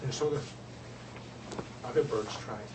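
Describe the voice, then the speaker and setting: A man telling a traditional folk tale aloud in an expressive storyteller's manner. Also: mid-range voice, measured pace, background noise. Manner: expressive, lively voices for characters. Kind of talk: oral storytelling. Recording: roomy, distant, faint ambience.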